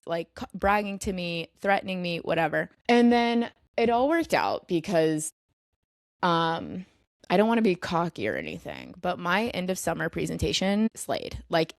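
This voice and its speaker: A woman's voice: lowish voice, animated, moderate pace, dry recording, studio quality. A young woman in her twenties telling work stories on a solo podcast, chatty and dramatic, filled with "like". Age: 20s. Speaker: podcast host.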